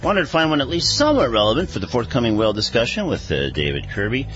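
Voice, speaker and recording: A man hosting a radio talk show, measured and full of fillers. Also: medium pitch, sing-song, a bit bright, muffled recording, a little hiss or hum. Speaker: radio host.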